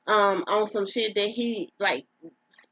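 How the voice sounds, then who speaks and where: Speaking slowly at a medium pitch, a woman co-hosting a podcast animatedly relates stories and imitates the voices of those she quotes in casual conversation. There's no room sound, and the audio quality is poor.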